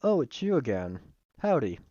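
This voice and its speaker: A man's voice: mid-range voice, sing-song, moderate pace, dark tone, no echo, lo-fi sound. A man voicing a genteel southern old colonel, drawling and confiding, Southern US accent, dry close sound. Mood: wistful. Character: folksy southern older male chicken-restaurant colonel.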